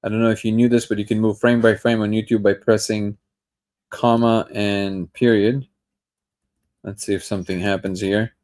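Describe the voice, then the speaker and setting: A man's voice: on the low side, little pitch movement, moderate pace, darkish tone. A man hosting a daily live discussion, thinking aloud as he reacts to a video clip, often restarting and tripping over his words. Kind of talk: casual live commentary while watching a clip.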